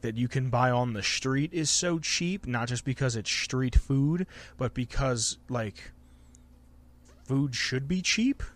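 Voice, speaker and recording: A man hosting a podcast in casual chat, rambling and swearing freely. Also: medium pitch. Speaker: podcast host.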